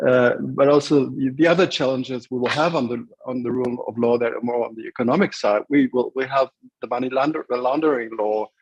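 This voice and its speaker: A man speaking as a lawyer on a panel, earnest and steady, with occasional restarts. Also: mid-range voice, brisk, slightly rough, no echo, lo-fi sound. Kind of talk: panel remarks.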